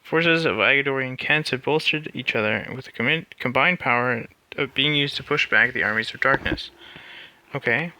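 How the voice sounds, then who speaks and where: A man's voice: mid-range voice, normal speed, bright, forceful tone, no echo. A man streaming live, reading a text adventure aloud and answering it with cocky, joking banter.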